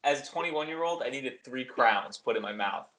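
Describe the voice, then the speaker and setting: A man's voice: medium pitch, expressive, moderate pace, heavy background noise. A man in his twenties co-hosting a podcast, telling rambling stories in casual chat and swearing freely. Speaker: podcast co-host. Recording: roomy echo.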